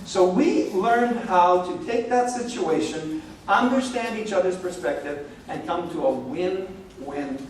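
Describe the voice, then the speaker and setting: A middle-aged man giving a relaxed, joking church talk on marriage, full of "okay?" and "like". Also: high-pitched, unhurried, slight background noise. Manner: animated, joking, many "okay?" and "like". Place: church hall. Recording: echoey room from far off.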